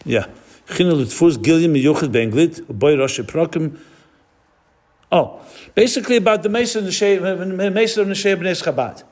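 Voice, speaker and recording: Male rabbi, lecture delivery, somewhat high pitch, explains patiently and mixes in Hebrew and Yiddish terms while searching for words. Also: moderate pace, darkish tone. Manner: stops often to search for the right word. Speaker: rabbi teaching a class.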